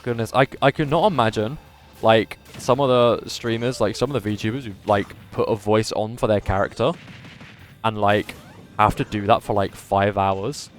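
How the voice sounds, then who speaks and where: Man doing lively game commentary. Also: lowish voice, moderate pace, soft background music. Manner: animated commentator voice, says his voice is going. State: slightly strained voice. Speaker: tournament commentator and streamer. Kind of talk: live game commentary and chat with viewers.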